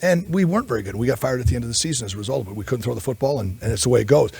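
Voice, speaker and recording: Man, football line coach at a press conference, gravelly and fast, rambling storyteller. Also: mid-range voice, expressive, a little mellow, no echo. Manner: rambling storyteller, candid, self-interrupting.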